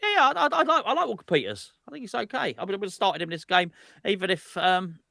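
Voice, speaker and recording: Lively, bright-voiced stammering man. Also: high voice, fast, vocal fry, no echo, clean studio sound. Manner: animated, stammers and repeats words as he starts his points. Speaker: co-host of fan channel. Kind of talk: casual live watch-along chat.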